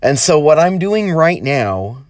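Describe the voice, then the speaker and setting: A man who is a pastor gives an informal, earnest sermon into his phone from home, welcoming and measured, slowing down to stress key phrases. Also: a little high, very animated, dry recording, clean studio sound. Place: at home, not in the sanctuary.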